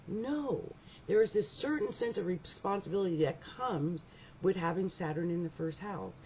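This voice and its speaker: A middle-aged woman giving a rambling, animated astrology reading, laughing often and restarting her sentences. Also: on the low side, moderate pace, vocal fry, a little hiss or hum. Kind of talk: casual monthly astrology reading.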